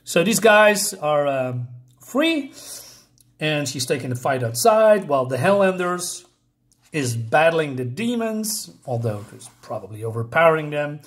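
A slightly high-voiced man talks through a comic issue in a loose, offhand way. He wanders into tangents, fills gaps with ums and uhs and chuckles at his own remarks. The delivery is casual and unscripted. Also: big pitch swings, a little slow, fairly bright tone. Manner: rambling and digressive, with frequent fillers and chuckles. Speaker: comic book reviewer.

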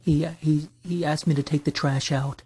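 A man's voice: on the high side, steady tone, moderate pace, mellow, breathy edge, no echo. A man venting in a late-night personal rant, rambling and repeating himself with many restarts, aggrieved and flaring into angry swearing. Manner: aggrieved, builds into bursts of anger and swearing. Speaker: vlogger.

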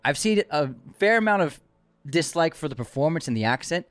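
A man's voice: a little high, lively intonation, a little fast, a bit bright, no room sound, clean studio sound. A man co-hosting a podcast in casual chat, talking with enthusiasm and teasing his partner. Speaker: podcast co-host.

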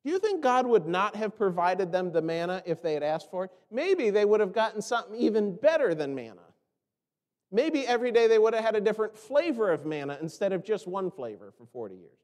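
An American man preaching a sermon as pastor, animated and often mimicking the complaining voices of others. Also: high-pitched, a little fast. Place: church sanctuary. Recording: long church reverb.

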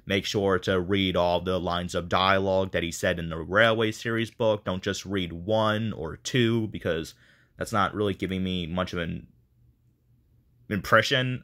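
A man with a low, fairly bright voice keeps a steady tone and a measured pace. As a video creator holding a voice casting call, he talks casually to viewers in a rambling, self-deprecating way.

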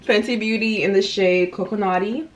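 A woman's voice: medium pitch, normal speed. A young woman chatting casually through her makeup routine at home, giggly and laughing often. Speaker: beauty vlogger. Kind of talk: casual makeup vlog chat. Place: indoors at home. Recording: steady background hiss.

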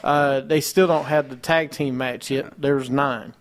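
A man's voice: medium pitch, steady tone, measured pace. A man co-hosting a casual wrestling talk show, rattling off match cards and ranting with mocking disbelief. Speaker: podcast co-host.

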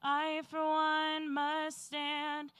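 A woman singing a slow gospel solo in church, soaring on the refrain. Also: high voice, monotone, a bit bright, soft background music. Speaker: church soloist. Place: church sanctuary.

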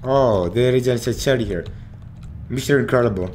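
Guy playing a horror game, swearing, yelps and panics at jump scares, average pitch. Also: normal speed, a little hiss or hum. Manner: jumpy, swears a lot, panicked shouting at scares. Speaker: gaming channel host. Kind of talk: horror gameplay commentary.

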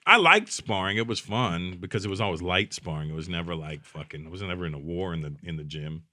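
A man's voice: low voice, expressive, fast talker, pushed and bright, no room sound, clean studio sound. A man from Canada, a guest comedian in a casual podcast chat, talking bluntly and profanely and laughing often.

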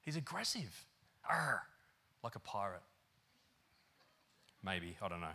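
A man preaching a sermon in an animated, conversational way, with lots of fillers. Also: sits low, unhurried. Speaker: pastor. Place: church hall.

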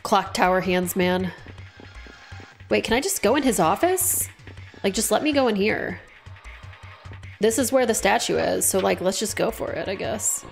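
Streamer, woman, casual joking commentary, mid pitch, soft music under. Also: expressive, moderate pace, vocal fry, long pauses. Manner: chatty, joking, swaps swearing for "F word". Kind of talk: casual let's-play commentary.

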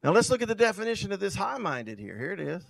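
A male pastor preaches in a fairly high voice, reading scripture aloud and then unpacking it for his congregation. His loudness swells and drops for emphasis as he drives his points home. The recording is close and dry, with no room echo. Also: big pitch swings, fast talker, creaky. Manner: loudness rising and falling sharply for emphasis. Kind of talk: sermon.

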